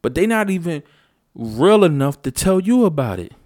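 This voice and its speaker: A man's voice: fairly high pitch, big pitch swings, normal speed, darkish tone, dry recording, studio quality. A man ranting in a casual vlog, blunt and profane, hammering home his points over and over. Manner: blunt, profane, emphatic and repetitive. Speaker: vlogger. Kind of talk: casual unscripted rant.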